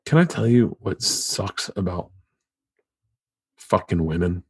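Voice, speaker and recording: A man hosting a podcast in casual chat, telling rambling, profane, excitable stories into a studio mic. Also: low-pitched, takes it slowly, breathy edge, no room sound. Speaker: podcast host.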